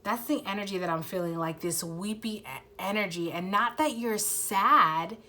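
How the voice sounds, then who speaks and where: A woman's voice: mid-range voice, moderate pace, bright, forceful tone, slight background noise. A woman giving a casual, earnest tarot reading to her viewers. She swears freely, uses many fillers, and fights back tears. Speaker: tarot reader.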